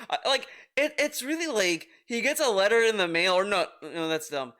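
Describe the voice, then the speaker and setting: Streamer, ranting commentary, exasperated, swearing, very lively pitch. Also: normal speed. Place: home streaming room.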